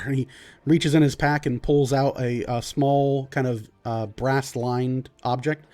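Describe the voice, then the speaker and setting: A man's voice: mid-range voice, a little slow, faint music behind. Easygoing male game master narrating the scene. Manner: relaxed, loose narration with fillers.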